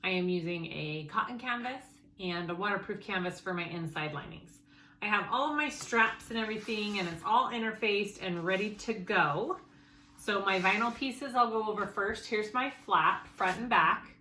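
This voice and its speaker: A woman's voice: medium pitch, animated, moderate pace, sharp tone. Chatty woman in an echoey room. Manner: chatty, thinking aloud, self-correcting. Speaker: sewing tutorial host. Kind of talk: casual sewing tutorial. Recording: echoey room, faint background noise.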